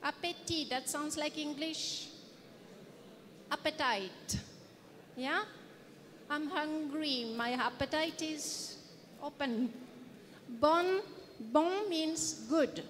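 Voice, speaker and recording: Quizzing her audience, a guest lecturer from France delivers a playful, interactive talk in a French accent. She speaks slowly in a high voice, and the conference hall sounds reverberant.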